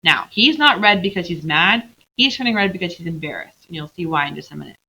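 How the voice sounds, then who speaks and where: A woman teacher reads a novel aloud to her pupils and stops to explain what happens. Her voice is bright and animated, and her reading is expressive. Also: lowish voice, fast talker, breathy edge, low-quality recording.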